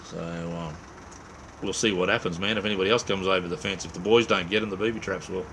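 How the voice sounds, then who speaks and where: Low-voiced and fast, with fairly even intonation and a fairly bright tone, this Australian man hosts a late-night livestream over a slight hiss or hum. He's sleep-deprived and relaxed, rambling casually to viewers with heaps of fillers, slang, "mate," and "um."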